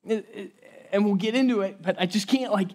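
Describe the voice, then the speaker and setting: A high-voiced man delivering a sermon as a pastor. He speaks conversationally and emphatically, often restarting phrases and tossing asides to his listeners. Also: a little fast, darkish tone.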